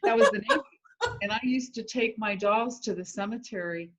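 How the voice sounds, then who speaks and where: A woman's voice: mid-range voice, normal speed, background noise. A woman guest sharing childhood memories earnestly, breaking into laughter now and then. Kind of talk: candid conversational chat.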